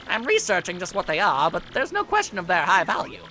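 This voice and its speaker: A fussy old turtle witch played by a man simpers in a high, fawning voice as a servant to her king. Her tone swings lively and bright. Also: a little fast, a little hiss or hum, full character voice.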